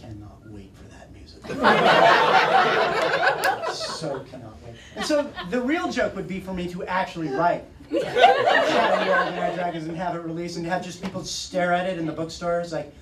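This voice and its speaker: A man in his forties, an author speaking casually to an audience at a bookstore, animated and laughing often as he acts out quotes. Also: high voice, unhurried, very noisy. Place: bookstore event room. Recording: roomy audio from far off.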